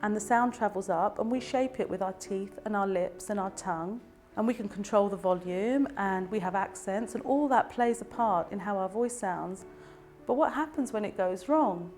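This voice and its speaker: A woman with a mid-pitched voice talks through a subject in a measured, clear way. She sounds like a patient professional teaching to camera. Faint music plays quietly behind her. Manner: calm, clear and measured explaining. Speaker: speech and language therapist. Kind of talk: explanatory educational talk to camera.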